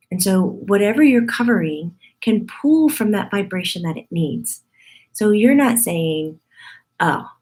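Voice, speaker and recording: A woman medium giving a casual, chatty spiritual teaching talk to her group, with a husky morning voice and playful laughing asides. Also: medium pitch, a little mellow.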